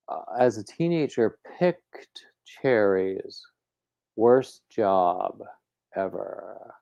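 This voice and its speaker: A man's voice: mid-range voice, darkish tone, clean tone, dry recording, highs cut off. A man hosting a crafting livestream, rambling casually and reading out viewer comments. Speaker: crochet livestream host.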